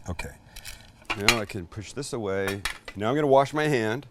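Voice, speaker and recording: A man's voice: on the low side, moderate pace, pushed and bright, far from the mic, a little hiss or hum. A middle-aged man hosting a casual cooking demonstration in his backyard, chatty, jokey and emphatic. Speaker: cooking show host. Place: outdoor backyard kitchen.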